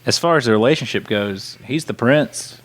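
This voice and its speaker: A wrestler guest speaking earnestly in a casual interview. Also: male voice, mid-range voice, moderate pace, background noise.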